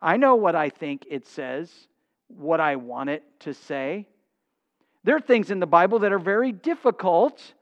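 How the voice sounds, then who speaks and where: An older male pastor preaches with a notably high voice, leaning hard on key phrases and pausing for effect. He acts out little back-and-forth exchanges. The recording sounds dull and lo-fi. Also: animated. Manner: emphatic preaching with dramatic pauses and acted-out dialogue. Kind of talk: sermon.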